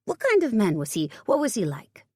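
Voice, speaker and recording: A woman's voice: medium pitch, wildly swooping pitch, brisk, a little mellow, husky, dry recording, clean studio sound, pitched above the performer's own voice. A woman voicing a blunt, theatrical French woman friend with a French accent, frank and teasing.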